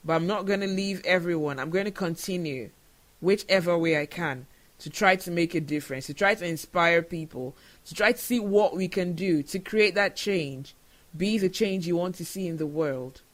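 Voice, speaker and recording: Earnest man, high bright voice. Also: moderate pace. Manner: earnest and emotional. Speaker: show host. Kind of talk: solo podcast commentary.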